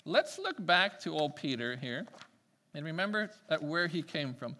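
A man preaching a sermon, swinging between loud emphatic peaks and quiet asides. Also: fairly high pitch, animated, moderate pace.

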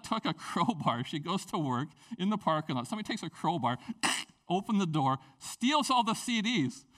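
A male pastor giving a sermon, lively and joking, mixing scripture with personal stories. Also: sits high.

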